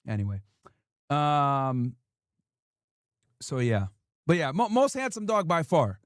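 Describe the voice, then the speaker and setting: Man, livestream host, casual slangy banter, playful scolding, lively pitch, dry close sound. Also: slow pace, dry recording.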